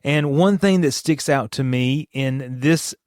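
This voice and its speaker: A man's voice: medium pitch, measured pace, a little mellow, no echo. A man teaches scripture on his own podcast in a mid-range voice, earnest and emphatic. He often turns to the listener with rhetorical questions. The sound is dry and close, with no room around it. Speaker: podcast host and Bible teacher.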